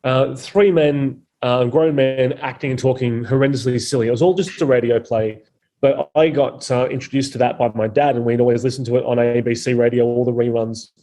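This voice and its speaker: A man talks bluntly in a relaxed, mellow voice, with plenty of swearing. His pitch sits in an ordinary middle range. He is a comedian guest holding forth in a casual podcast chat. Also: fairly quick. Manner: blunt and opinionated, swears freely.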